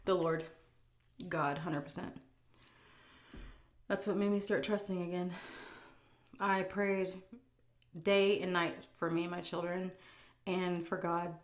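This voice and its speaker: A woman's voice: lowish voice, reverberant. A woman vlogger chatting frankly while she eats, reading out viewer questions and answering them. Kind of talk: casual chat while eating.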